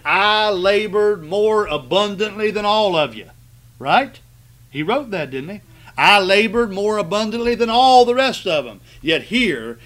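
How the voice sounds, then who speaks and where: A male pastor delivers a sermon in a somewhat high voice. He leans hard on repeated phrases and keeps turning to the congregation with "right?". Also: fairly bright tone. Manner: emphatic, repeats and stresses key phrases, asks the congregation "right?".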